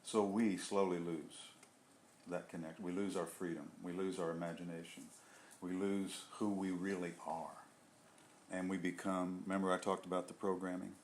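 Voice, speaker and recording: Earnest low-voiced man, halting speech. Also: little pitch movement, a little hiss or hum. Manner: halting, restarts often, searches for words; earnest and heartfelt. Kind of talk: casual group discussion. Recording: echoey room.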